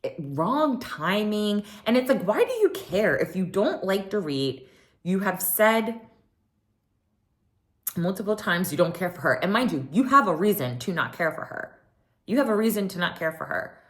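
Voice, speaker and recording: A woman hosting a casual TV recap, chatty and animated, often acting out what people said. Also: medium pitch, moderate pace. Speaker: recap podcast host.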